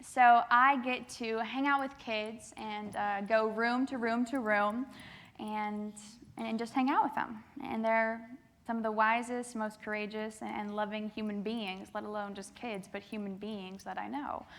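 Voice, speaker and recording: A young woman giving a keynote speech to a youth assembly, telling lively stories with acted-out quotes. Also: on the high side, measured pace. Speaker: keynote speaker. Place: large assembly hall.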